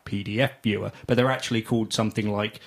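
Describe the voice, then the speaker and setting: A man's voice: fairly low pitch, steady tone, fast talker. A man hosting a tech podcast, chatty, thanking guests and rambling through explanations. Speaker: podcast host. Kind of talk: casual tech podcast banter.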